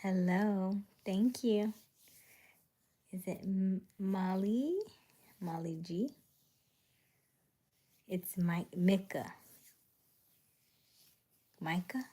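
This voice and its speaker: A woman hosting a casual late-night live stream, greeting viewers by name and often dropping into a soft whisper. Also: mid-range voice, extremely slow, pauses often. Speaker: livestream host.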